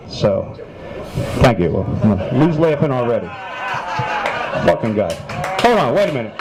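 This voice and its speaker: A man's voice: mid-range voice, big pitch swings, measured pace, long pauses, low-quality recording. A man telling crude stand-up jokes and bantering with the audience. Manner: heckle-tossing, loud crude storyteller. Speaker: comedian. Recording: live club with crowd noise.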